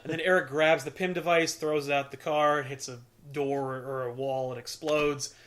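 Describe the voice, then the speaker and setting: A man with a bright, forceful, slightly high voice tells a story in casual chat. He rambles, swears freely and leans on fillers as he recaps. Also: steady tone, normal speed. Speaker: podcast host.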